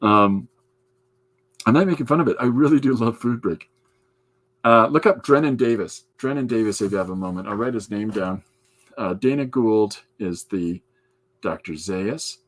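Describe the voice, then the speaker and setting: A podcast host and comic artist chats casually with his live viewers from his art studio while he draws, answering their comments aloud. His voice is lowish and his speed normal.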